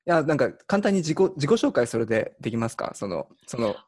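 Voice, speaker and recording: A woman hosting an interview, asking quick questions and backchanneling constantly. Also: extremely low pitch, sing-song, darkish tone. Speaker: host. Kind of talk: casual interview chat.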